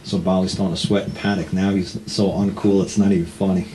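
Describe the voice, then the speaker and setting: A man telling a story in a casual, animated way, acting out the dialogue and laughing often. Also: sits low, fast, slight background noise, rough recording.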